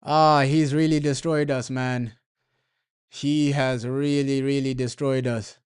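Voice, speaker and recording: In a clean, mid-range voice with flat delivery, a man speaks slowly over a football watchalong stream. It's casual live commentary full of slang, and he rants again and again, frustrated, about the manager of his team.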